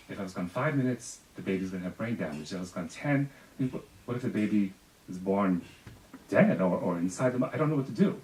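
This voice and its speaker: Man, very low voice, wry storyteller, self-deprecating, live stage, echoey hall, distant mic. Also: expressive, a little fast, darkish tone. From Spain. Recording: echoey room, distant mic, faint noise.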